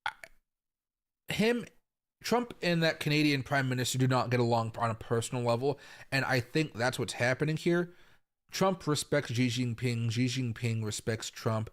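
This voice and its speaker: A young adult man from the US Pacific Northwest hosts a live crypto market stream in casual, rambling commentary, full of fillers and repeats, with sudden loud outbursts. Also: mid-range voice, normal speed. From Tacoma, Washington, US. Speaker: crypto market livestream host.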